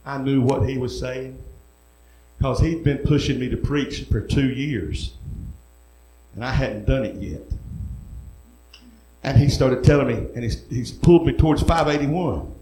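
A man gives his testimony from the pulpit. He tells it in an earnest, folksy storytelling way, at an ordinary pitch for a man. His voice rings in an echoey room. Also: a little slow, long pauses, warm tone, slight background noise. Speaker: preacher. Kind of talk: sermon testimony.

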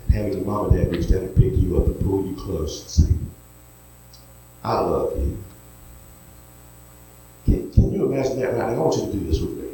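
A man with a drawl delivers a sermon in a low voice. He tells stories in a folksy way and then pleads gently. The sound rings through a big, echoey hall with a faint hum of noise behind it. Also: animated, fast talker, few pauses. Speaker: preacher.

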